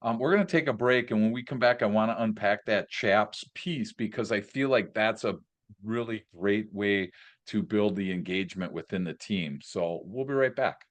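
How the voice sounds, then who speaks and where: Man, podcast host, low voice, enthusiastic, conversational, affirming. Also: moderate pace. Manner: enthusiastic, affirming, lots of fillers. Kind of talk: podcast interview.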